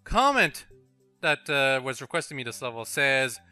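A man's voice: medium pitch, very animated, normal speed, pushed and bright, no room sound, faint music behind. A man with a French accent hosting a game video, chatting and laughing through casual let's-play commentary aimed at the level maker. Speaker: gaming channel host.

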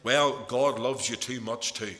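A man's voice: medium pitch, unhurried, sharp tone. A man voicing a shrewd, plain-spoken old Scottish woman who asks direct, pointed questions. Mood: questioning. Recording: echoey church hall.

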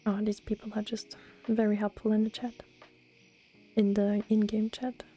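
A young German woman with a German accent, chatting softly and often half-whispering in a relaxed ASMR gaming stream, close to the mic. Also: medium pitch, normal speed. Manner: often half-whispered, relaxed, answers chat between gameplay. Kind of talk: soft-spoken ASMR gaming stream chat. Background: faint lo-fi music.

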